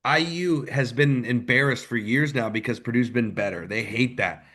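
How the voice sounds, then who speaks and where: A man's voice: mid-range voice, normal speed, a bit bright. A man co-hosting a live sports podcast, ranting heatedly, his voice jumping up when he gets worked up. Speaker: podcast co-host.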